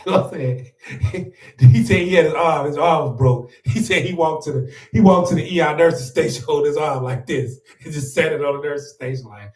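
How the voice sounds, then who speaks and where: A man's voice: fairly high pitch, normal speed, a little mellow. A man hosting a podcast, telling stories in a laid-back, casual way, often saying "man" and laughing. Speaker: podcast host. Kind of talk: casual storytelling. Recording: roomy echo, distant from mic.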